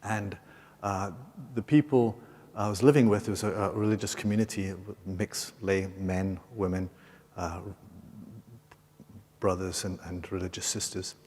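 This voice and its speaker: A Scottish priest preaching a homily with a somewhat low, husky voice. He tells his story casually, full of fillers and restarts. His words ring out with a long reverb through a large cathedral. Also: fairly even intonation, measured pace, a little mellow. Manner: rambling, self-correcting storytelling with frequent fillers. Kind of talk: homily at Mass.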